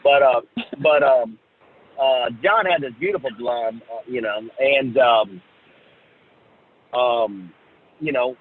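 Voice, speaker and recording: Husky man telling a story over a phone line. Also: medium pitch. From Oklahoma, USA. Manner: halting, many fillers and restarts. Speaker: guest, singer. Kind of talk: casual storytelling.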